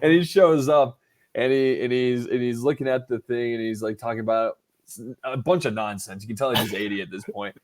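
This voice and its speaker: A man co-hosting a podcast in casual chat, retelling events in an animated way and acting out what people said. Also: medium pitch, fairly quick. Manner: animated storytelling, acting out quotes. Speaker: podcast co-host.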